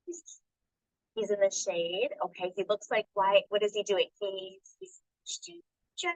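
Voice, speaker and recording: A woman teacher reading a picture book aloud to young children in a classroom, asking them questions by name and slowing down to sound out the words. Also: mid-range voice, big pitch swings, dry recording, poor audio. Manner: coaxing, calls on children by name and asks questions.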